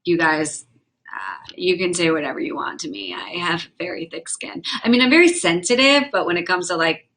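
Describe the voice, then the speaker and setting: Bright, chatty young woman streamer. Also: on the low side, gravelly. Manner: chatty, quick, frank and profane, reacts to chat. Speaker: livestream host and comedian. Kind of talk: casual livestream chat reading viewer comments.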